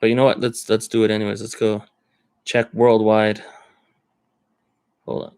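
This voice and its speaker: A man's voice: fairly low pitch, level tone, normal speed, darkish tone, clear, resonant tone, no echo. Rambling man live-streaming, dry close sound. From Canada. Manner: rambling, thinks aloud while browsing listings. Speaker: card collector streamer. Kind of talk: casual live-stream chat.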